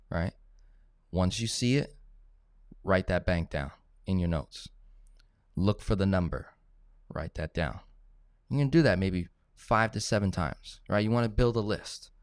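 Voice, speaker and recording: A man's voice: low voice, darkish tone, smooth, no room sound, clean studio sound. A man teaching personal finance in a casual coaching tone, often checking in with "right?" and "okay?". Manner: coaching, tag questions like "right?" and "okay?", acts out phone calls. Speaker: finance educator.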